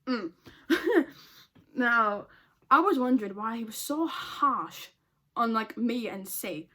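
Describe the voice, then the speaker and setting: A slightly high-voiced woman, chatting to camera at home in a casual storytime. She talks bluntly, swears freely and laughs often. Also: expressive, slow pace, fairly bright tone. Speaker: vlogger.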